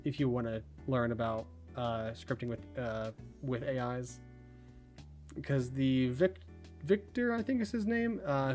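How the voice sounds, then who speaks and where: A man hosting a livestream, chatting casually and rambling, his words running together when he talks fast. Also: medium pitch, darkish tone. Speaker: livestream host.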